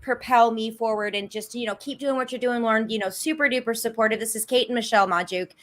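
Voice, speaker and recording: A woman's voice: on the high side, fast talker, a little hiss or hum. A woman co-hosting a podcast who chats eagerly and laughs often while interviewing a guest. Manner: chatty and enthusiastic, laughs often. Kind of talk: casual podcast chat.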